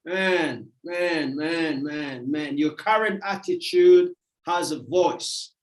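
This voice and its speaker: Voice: mid-range voice, takes it slowly. A motivational speaker giving a livestream talk, emphatic and repetitive in a preacherly way. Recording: roomy echo.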